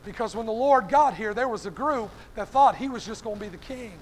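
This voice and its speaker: Male preacher, very high voice, fervent evening sermon, punctuates lines with "hey", calls out congregation members by name. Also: fairly quick. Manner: fervent, peppers phrases with "hey"; addresses listeners by name.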